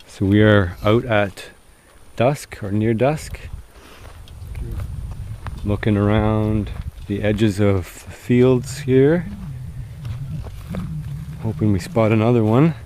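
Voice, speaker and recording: A man's voice: on the low side, takes it slowly, pauses often, mellow, slight background noise. A man narrating an outdoor survival vlog, chatty and speaking straight to viewers, outdoors in rural fields at dusk. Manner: chatty, addresses viewers as guys. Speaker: survival challenge vlogger.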